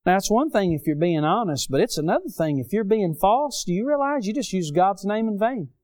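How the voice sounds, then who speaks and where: A middle-aged man preaching a sermon, rising to loud emphatic peaks and dropping low for stories. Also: lively intonation, fairly quick. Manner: preaching with dramatic rises and drops in volume.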